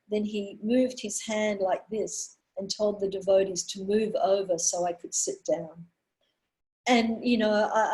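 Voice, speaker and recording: A woman's voice: medium pitch, warm tone, rough recording. Older woman telling a devotional story. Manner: earnest storyteller, pausing on fillers and restarts. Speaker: women's minister giving a talk. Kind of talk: anecdotal spiritual talk.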